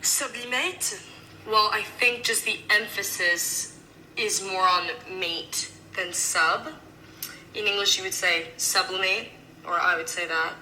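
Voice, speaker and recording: A woman's voice: mid-range voice, steady tone, a little slow, sharp tone, slight background noise, rough recording. A woman explaining pronunciation casually and thoughtfully, hedging often. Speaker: actress in interview.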